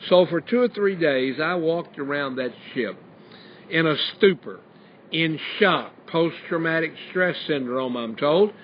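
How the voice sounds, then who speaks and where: A man's voice: on the high side, animated, measured pace. An older man from the South, telling his personal testimony as a radio show host and preacher, acting out the voices he quotes. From American South. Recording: dull lo-fi stream with faint hiss.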